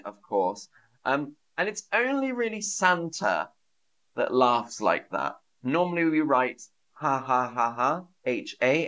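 Slow-speaking man teaching English. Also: medium pitch, bright, forceful tone. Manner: slow, repeats phrases for learners. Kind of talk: live-stream English lesson.

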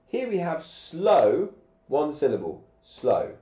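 Sick teacher with a dark voice. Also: male voice, mid-range voice, big pitch swings, takes it slowly. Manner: patient, explains step by step with questions. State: sick and coughing. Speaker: English teacher. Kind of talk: live-streamed grammar lesson. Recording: echoey, dull lo-fi room sound.

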